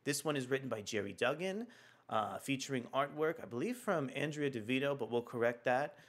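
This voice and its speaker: A man's voice: mid-range voice, expressive, fairly quick, a bit bright. Guy hosting a comics stream from home, chatty and upbeat, lots of ums and uhs. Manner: chatty, enthusiastic, frequent fillers. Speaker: livestream host. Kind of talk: casual comics news livestream.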